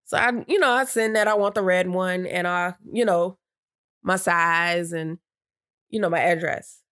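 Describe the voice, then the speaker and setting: A woman casually telling a story, chatty and full of fillers, acting out her own reactions in a higher voice. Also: unhurried, fairly bright tone.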